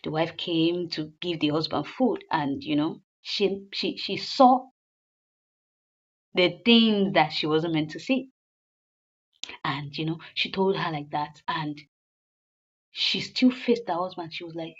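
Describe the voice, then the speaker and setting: A woman's voice: lowish voice, unhurried, long pauses, slightly rough, dull audio. A woman casually recapping a comedy episode in a chatty retelling. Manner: chatty, with many fillers and restarts.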